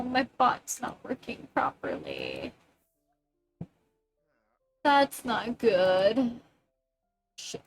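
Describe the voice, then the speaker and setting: A woman's voice: a little high, wildly swooping pitch, extremely slow, pauses often, faint music behind. A woman chatting casually on a live stream, distracted and muttering curses as her tech acts up.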